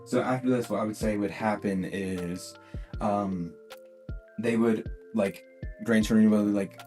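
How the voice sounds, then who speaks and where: A man's voice: lowish voice, steady tone, a little slow, a little mellow, faint music behind. A young man casually narrating a fan what-if story, rambling and laughing as he goes. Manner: rambling, laughs often, self-correcting.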